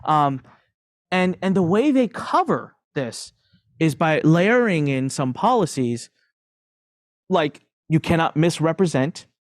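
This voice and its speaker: Slightly high-voiced and recorded in a studio with no room sound, a man guests on a podcast. His candid storytelling is animated and self-mocking, peppered with jokes, laughter, fillers, restarts and brief asides.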